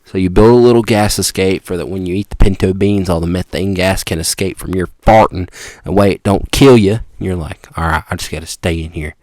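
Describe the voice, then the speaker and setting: A young man hosting a podcast, excitedly rambling through an improvised comic story told to the listener, with sudden jumps in pitch and loudness. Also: brisk, dry recording. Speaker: podcast host.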